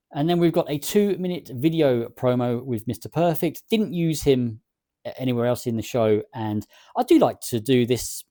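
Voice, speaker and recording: A man giving relaxed, musing let's play commentary, with fillers and an easy pace. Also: mid-range voice, dry recording, clean studio sound. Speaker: gaming commentator.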